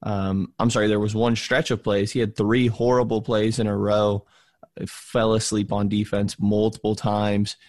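A man co-hosting a basketball podcast, groggy with his morning voice and rambling through halting restarts. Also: lowish voice, flat delivery, darkish tone, no echo. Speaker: podcast co-host. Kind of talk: casual sports podcast chat.

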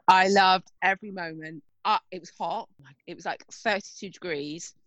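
A woman co-hosting a podcast, chatting casually with bubbly animated storytelling and frequent laughter. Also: lowish voice, moderate pace, hardly any pauses, no echo, highs cut off. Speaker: podcast co-host. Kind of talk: casual chat.

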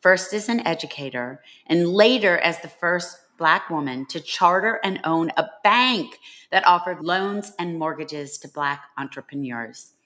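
A woman's voice: fairly low pitch, animated, a little slow, a bit bright. Enthusiastic woman podcast co-host. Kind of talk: podcast interview hosting.

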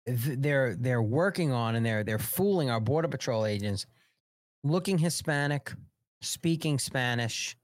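A man's voice: mid-range voice, expressive, unhurried, dry recording. A man hosting a live political talk show, speaking in a fired-up, repetitive way into a close mic.

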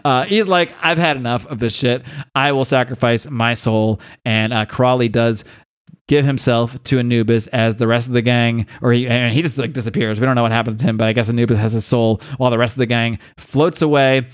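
A man's voice: medium pitch, fairly quick, clear, resonant tone. A man hosting a podcast who recaps a comic book in a rambling, laughing, casual way. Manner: rambling, laughs while retelling. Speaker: podcast host.

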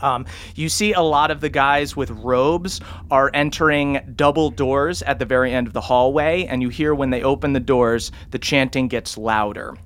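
A man as game master, narrating a tabletop game in a relaxed, descriptive way. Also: mid-range voice, normal speed, smooth.

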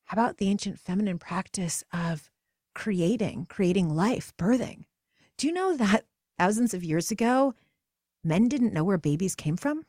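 Woman, forties, podcast host, heartfelt storytelling, middle pitch, dead dry sound. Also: animated, moderate pace, a little mellow, no room sound. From United States. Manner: earnest and emotional, pitch rising high when passionate. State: pregnant. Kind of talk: personal storytelling monologue.

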